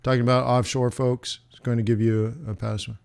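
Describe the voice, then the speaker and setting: A man with a mid-range, gravelly, slightly mellow voice hosts a forex trading livestream. He talks fairly quickly in a level tone, rambling casually with viewers and joking at his own expense.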